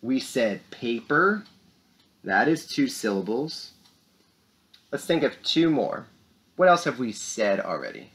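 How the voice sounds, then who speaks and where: A young man hosting a school morning show, talking to young students in an upbeat, animated way. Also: medium pitch, slow, pauses often. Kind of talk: lively kids' morning announcements.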